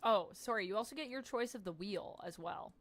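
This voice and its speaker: A woman's voice: mid-range voice, lively intonation, brisk, fairly bright tone. A woman in her thirties chatting casually on a livestream, upbeat and reading out viewer messages. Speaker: streamer.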